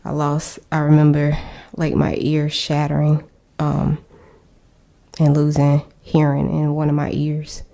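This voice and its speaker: A woman recounting a personal ordeal in an interview, halting and searching for words. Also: deep voice, monotone, gravelly, warm tone. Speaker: survivor interviewed.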